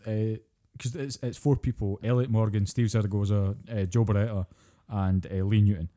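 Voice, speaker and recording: A man's voice: lowish voice, fairly even intonation, normal speed, warm tone. A Scottish man co-hosting a podcast, chatting casually and ranting with plenty of swearing. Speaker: podcast co-host.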